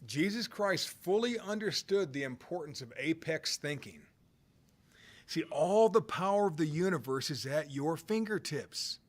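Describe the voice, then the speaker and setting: A man's voice: a little high, animated, a little slow. A man delivers a sermon in a slightly raised voice, earnest and quoting scripture. He builds to emphatic swells when he presses a point. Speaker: preacher.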